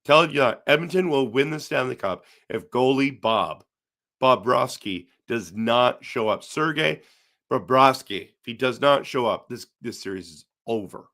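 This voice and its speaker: A man's voice: mid-range voice, unhurried, bright, forceful tone. Chatty man hosting a hockey stream. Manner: reads viewer comments aloud and responds chattily. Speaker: live stream host. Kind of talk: casual live-stream chat.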